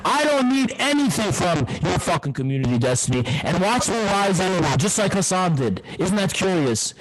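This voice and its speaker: High-voiced man hurling profane taunts. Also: sing-song, normal speed, poor audio. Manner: aggressive, profane, taunting and repetitive. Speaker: debater on a live stream. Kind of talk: heated online debate.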